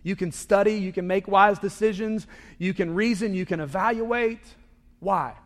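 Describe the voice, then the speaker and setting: High voiced guy preaching, drops soft then goes loud, big echoey hall. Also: normal speed. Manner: preaching with sweeping swings from hushed to loud. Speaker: pastor. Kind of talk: sermon. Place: indoor worship hall. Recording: reverberant hall.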